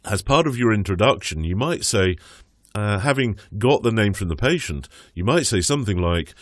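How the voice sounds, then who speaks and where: A man tutoring for a medical English speaking exam, explaining in a measured, instructive way with some fillers. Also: fairly low pitch, animated, no echo, clean studio sound. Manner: acts out doctor and patient lines in his own voice. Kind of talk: exam prep lesson.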